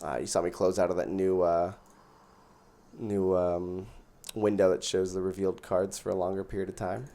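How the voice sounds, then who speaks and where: Guy talking through his card game turn by turn, counting out loud, kinda low voice. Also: flat delivery, moderate pace. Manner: thinks aloud while counting mana. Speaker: gaming channel host. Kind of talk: casual gameplay commentary.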